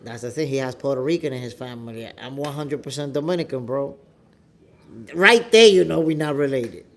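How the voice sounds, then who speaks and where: An animated boxing show host from New York City, with a New York accent, chats casually on a livestream from his home in the Dominican Republic. His mid-range voice runs a little fast, and he repeats himself while speaking straight to viewers.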